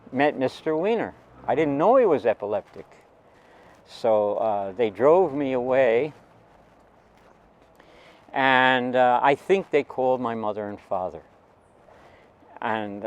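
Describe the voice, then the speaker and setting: An older man recalling a teenage memory, talking in a halting, rambling way with many restarts. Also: mid-range voice, a little mellow, rough recording. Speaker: storyteller. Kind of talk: personal anecdote.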